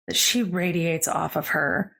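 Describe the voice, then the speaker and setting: A woman's voice: lowish voice, fairly even intonation, unhurried, vocal fry, a bit bright. A woman narrating as game master in a casual, chatty storytelling manner.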